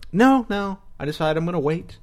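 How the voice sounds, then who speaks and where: A man's voice: sits high, fairly quick, soft background music. A man hosting a podcast, telling a long story in casual chat, swearing and acting out the other people in it. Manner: profane, animated retelling with quoted voices. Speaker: podcast host.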